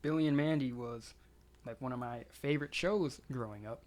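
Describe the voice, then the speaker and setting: A man's voice: mid-range voice, normal speed, a little mellow. A young man co-hosting a podcast, talking in a laid-back, rambling way with lots of filler words and casual swearing. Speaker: podcast co-host. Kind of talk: casual chat.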